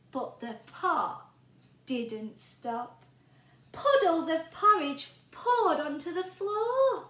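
A woman teacher reading a storybook aloud to young children and asking them questions along the way. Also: sits high. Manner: animated, asks the children questions. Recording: roomy echo.

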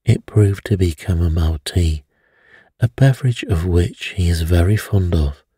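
A man narrating a bedtime story in a slow, hushed storytelling manner. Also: sits low, slightly rough, no echo, clean studio sound.

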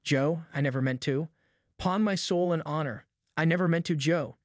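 Man reading as a frightened drunk old backwoodsman, rambling pleas, fairly high voice, dry sound. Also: moderate pace, no room sound, natural voice. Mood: pleading. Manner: pleading, rambling rustic talk.

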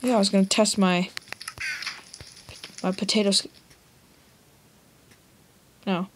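In a slow, medium-pitched voice with fairly even intonation, a young let's play gamer rambles and jokes about her own gameplay, talking straight to her audience in casual commentary.

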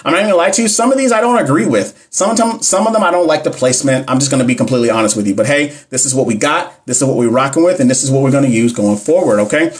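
Fast-talking man hosting a live stream. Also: medium pitch. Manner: fast-talking, talks fast all the time; slangy, addresses chat directly.

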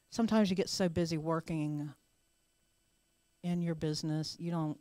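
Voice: medium pitch, steady tone, normal speed, darkish tone, dry recording. A podcast host speaking earnestly and measuredly about local matters. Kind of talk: casual podcast talk.

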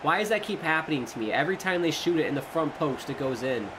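A man giving casual play-by-play commentary while playing a football video game, excitable and prone to shouting when chances come. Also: fairly high pitch, quick pace, noisy background. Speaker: gaming YouTuber.

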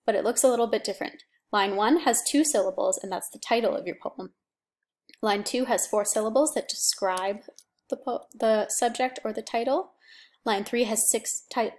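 A woman teaching a third-grade class in a recorded online lesson, explaining slowly and clearly with upbeat emphasis. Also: medium pitch.

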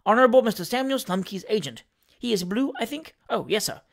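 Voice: mid-range voice, animated, fast, gravelly. A narrator voicing a deferential, unsure inn waiter who hesitates over his answers in a storybook reading. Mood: hesitant. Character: unsure inn waiter, a servile working man.

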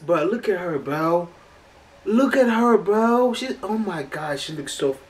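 A man hosting a music video reaction, talking casually and getting loudly excited, his voice cracking as he gushes. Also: high-pitched, measured pace. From United States. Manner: hyped, exclamatory, voice cracking with excitement. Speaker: YouTube reaction host. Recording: music from the video playing loud behind. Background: music video playing.

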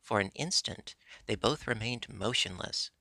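A man reading a children's storybook as steady, even narration. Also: on the low side, unhurried, creaky, no room sound. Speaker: audiobook reader. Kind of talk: scripted narration.

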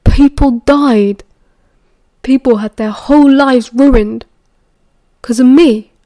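A woman's voice: on the high side, moderate pace, darkish tone, lightly acted. Remus, a tense young British man, read by a woman. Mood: distraught. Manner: tense, clipped outbursts. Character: young man, raw and agitated.

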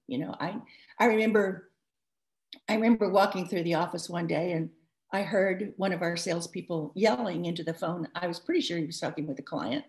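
A woman author giving advice in a live interview, talking in a lively, rambling way full of restarts and asides. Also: lowish voice, a little fast. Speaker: author discussing her book.

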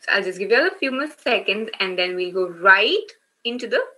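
A woman's voice: mid-range voice, lively intonation, brisk, pushed and bright, poor audio. A woman teaching children in an online workshop, retelling a story and running quizzes, encouraging them and often checking in with "okay?".

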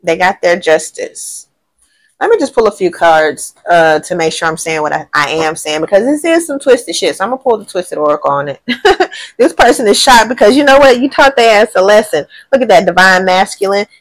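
An animated woman talks through a casual tarot reading in loose, slangy speech at a mid pitch. She swears freely and thinks out loud as she turns each card. Her tone stays playful and informal throughout. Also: fairly quick. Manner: thinks aloud, often says she does not know. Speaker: tarot reader.

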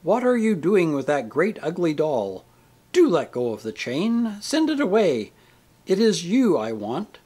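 A man voicing a radiant, saintly woman spirit who speaks tenderly and with gentle teasing in a storybook reading. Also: a little high, wildly swooping pitch, measured pace, voice pushed up, heavily acted.

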